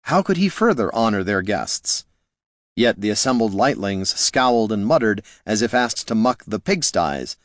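A man reading fantasy fiction as an audiobook narrator in steady storytelling style. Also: on the low side, normal speed, dry recording, clean studio sound.

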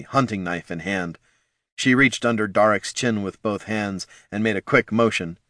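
A man narrating a fantasy audiobook in a measured, dramatic manner. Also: fairly low pitch, fairly bright tone, no room sound, clean studio sound.

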